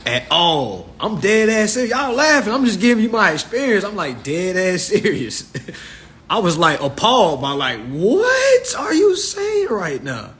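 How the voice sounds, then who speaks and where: A man hosts a livestream and rants comically to his viewers, calling them y'all and swearing freely. His voice sits high for a man and jumps around a lot in pitch, which gives every line an animated bounce. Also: moderate pace. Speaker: livestream host. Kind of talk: casual comedic rant.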